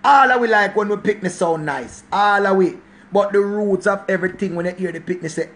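A man's voice: high-pitched, fairly quick, a bit bright. A man in his forties from Jamaica with a Jamaican accent, delivering a preachy, emphatic monologue that repeats points for stress. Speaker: channel host. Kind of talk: casual monologue rant.

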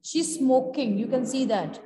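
Speaking at a measured pace, this woman has a high-pitched but dark-toned voice. She's a school English teacher with an Indian English accent, walking students through a play in a mix of English and Hindi and addressing them as beta. The recording has heavy, lingering echo.

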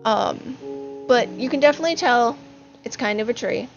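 A woman's voice: fairly high pitch, moderate pace. A woman narrating her gaming session in a chatty, upbeat way, with fillers and a slightly breathless voice. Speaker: gaming channel host. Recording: dull lo-fi sound with music behind. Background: music.

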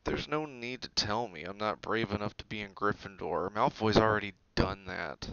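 A man's voice: mid-range voice, normal speed, a bit bright, clear, resonant tone, no room sound, highs cut off, close to an everyday voice. A man voicing a timid, shaky young schoolboy who mumbles in a storybook reading.

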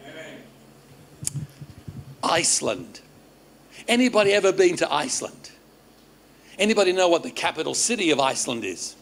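A man's voice: fairly high pitch, big pitch swings, brisk, gravelly, pauses often. A man with an Australian accent preaching to his congregation, stammering into restarts, cracking jokes and quizzing the audience. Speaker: pastor. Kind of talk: lively sermon to a congregation. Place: church service.

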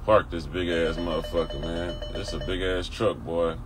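A man's voice: low voice, fairly even intonation, moderate pace, over music. A man, talking casually and profanely on a phone livestream while he walks outdoors. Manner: loose, profane, drawling, laughs often. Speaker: livestream host. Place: outdoors by a car and parking lot. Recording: phone audio with faint street noise.

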